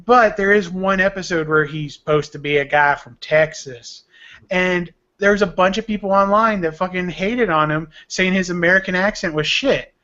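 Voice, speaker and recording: A man's voice: high-pitched, normal speed, pushed and bright. A man co-hosting a podcast in casual banter, laughing often and making crude jokes. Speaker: podcast co-host. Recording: dull lo-fi podcast audio.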